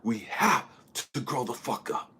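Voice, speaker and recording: A man's voice: medium pitch, sing-song, a little slow, pushed and bright, husky. A man giving a blunt, profane spiritual monologue, preaching hard and at times dropping into a whisper. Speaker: spiritual speaker.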